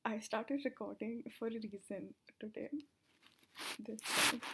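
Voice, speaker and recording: A woman's voice: a little high, husky. Giggly breathless young woman rambling. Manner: giggly, swears a lot, drifts into whispers. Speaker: vlogger. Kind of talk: rambling casual monologue.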